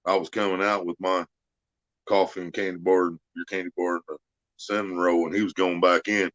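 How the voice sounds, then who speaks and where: A man's voice: low voice, level tone, fairly quick, a bit bright, dry recording. A man from the United States hosting a casual, profane chat, telling crude stories and laughing through them. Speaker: podcast host. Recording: dull lo-fi dry recording.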